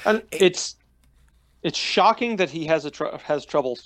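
Measured man with a fairly high, dry voice. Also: animated, a bit bright, no echo. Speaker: podcast co-host. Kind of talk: casual political chat.

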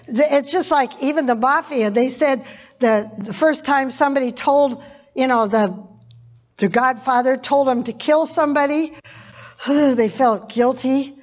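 High-voiced woman preaching casually. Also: unhurried. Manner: conversational, laughs often, repeats phrases for emphasis. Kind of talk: informal sermon teaching. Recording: dull lo-fi recording.

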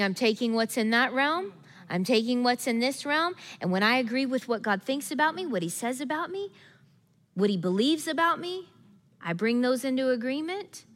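A woman pastor preaching a sermon, emphatic and repetitive, building to forceful declarations in a church sanctuary. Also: a little high. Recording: long reverb of a church hall.

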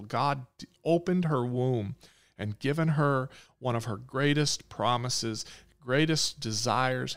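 A man's voice: mid-range voice, vocal fry, a bit bright. A man preaching a sermon, retelling a Bible story in an earnest, repetitive way.

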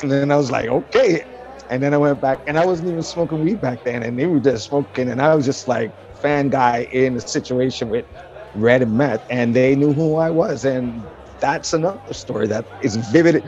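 Excited man telling an anecdote. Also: fairly high pitch, a little fast, dull audio. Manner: excited, acts out quotes, many fillers. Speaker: guest musician. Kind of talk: animated storytelling.

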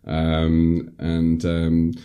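A man's voice: extremely low pitch, monotone, extremely slow, phone-quality sound. A man casually recapping a film's plot on a podcast, rambling with lots of ums and likes. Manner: rambling, many ums and likes, laughs at himself. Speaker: podcast host reviewing a film. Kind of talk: casual film recap chat.

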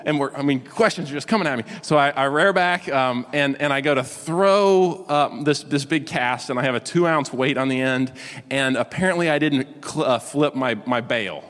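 A man's voice: medium pitch, moderate pace, a bit bright. A pastor in his forties telling a self-deprecating story during a sermon, asking his listeners questions along the way. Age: 40s. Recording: long hall reverb.

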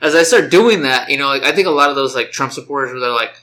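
Casting note: man, bright and sharp tone, relaxed rambler full of "um" and "like". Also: medium pitch, quick pace, poor audio. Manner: rambling, filler-heavy, relaxed. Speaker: podcast co-host. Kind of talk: casual chat. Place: sister's house.

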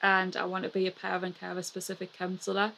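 A woman with a broad Mackem accent talks candidly as a guest in a relaxed conversation. She is blunt and unfiltered, swears without apology and laughs often. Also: on the low side, a little fast, creaky, a little hiss or hum, rough recording. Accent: Mackem (Sunderland). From North East England. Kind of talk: casual interview chat.

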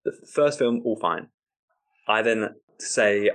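A man with a fairly low voice tells a comic story from his stand-up life. He is animated, slips into other people's voices and laughs often. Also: slow pace. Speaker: stand-up comedian guest. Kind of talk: casual storytelling.

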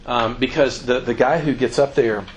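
Speaking at normal speed in a mid-range voice, this middle-aged man delivers an animated, conversational church seminar as a youth ministry speaker, performing the quotes he cites. There's slight background noise and the recording quality is low.

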